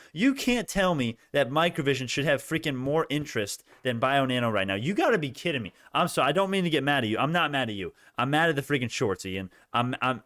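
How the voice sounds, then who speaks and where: Excitable young man hosting market livestream. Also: medium pitch, no echo, studio quality. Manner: animated, talks to chat viewers, many restarts, rising excitement. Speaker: stock market livestream host. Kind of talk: excited live market commentary.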